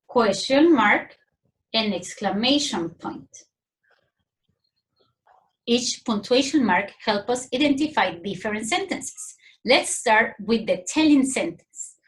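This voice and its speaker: A woman with a Mexican Spanish accent teaching young children English punctuation, patiently reading example sentences aloud with expressive tone. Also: fairly high pitch, low-quality recording. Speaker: primary school English teacher. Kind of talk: recorded online lesson for young children.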